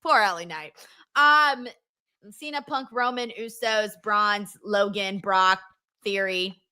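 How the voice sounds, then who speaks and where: A woman's voice: medium pitch, takes it slowly, pushed and bright, smooth. A woman hosting a casual live stream, reading viewer comments aloud and reacting with emotional, swearing chatter. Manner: emotional, swears, reads chat messages aloud.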